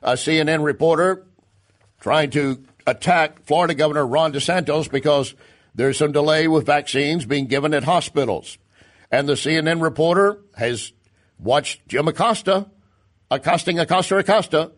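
A man's voice: a little high, normal speed. A man hosting a political commentary show, talking in an emphatic, sarcastic way with stumbles and restarts. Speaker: talk show host. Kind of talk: opinion commentary.

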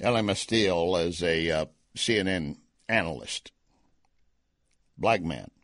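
Slow and low-voiced but with a fairly bright tone, a man hosts a political talk show in clean studio sound without room echo. He speaks conversationally and hammers home key arguments.

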